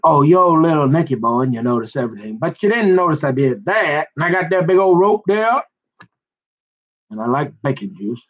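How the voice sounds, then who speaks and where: A man's voice: mid-range voice, muffled recording. A man telling a long personal story in a rambling, casual monologue. He speaks straight to his listener and keeps checking in with "right?" and "mm-hmm". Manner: drawn-out, meandering storytelling with many restarts.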